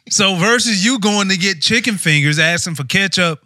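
A man co-hosting a casual chat, measured and dryly teasing. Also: sits high, background noise. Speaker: co-host.

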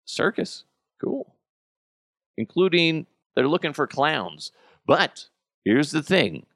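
A gravelly male podcast host who rants bluntly and swears freely. His pitch swings widely as he jumps from loud bursts to low mutters. He is recorded close on a dry mic. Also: very animated, slow pace, pauses often, dry recording. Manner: blunt, profane ranting. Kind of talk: casual chat.

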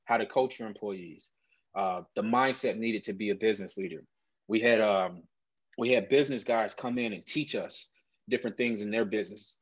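A man, a guest in an interview, earnestly telling a personal story in an animated conversational way. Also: on the low side, normal speed, no echo, highs cut off.

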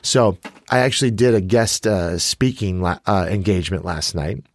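Podcast co-host: man in his 40s from the Chicago suburbs, low-pitched, rambling and self-mocking, dry close mic. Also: normal speed, dry recording. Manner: rambling, restarts often, laughs at himself. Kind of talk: casual podcast chat.

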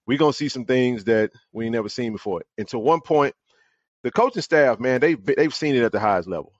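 A man chatting on a casual sports podcast, who repeats himself and talks in a drawn-out way. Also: fairly low pitch, no echo, muffled recording. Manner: repetitive, drawn-out, lots of "man".

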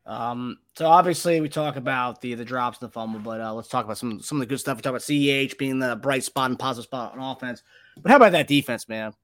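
Quick-talking man, dry close sound. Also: mid-range voice, fairly bright tone, no room sound. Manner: rambling, many restarts, asks co-host questions. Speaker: podcast host. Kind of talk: casual sports chat.

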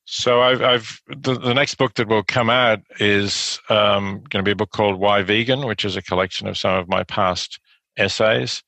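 A man with an Australian accent, answering interview questions in a measured way with many fillers and restarts. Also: lowish voice, steady tone, bright, forceful tone, no room sound. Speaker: guest philosopher.

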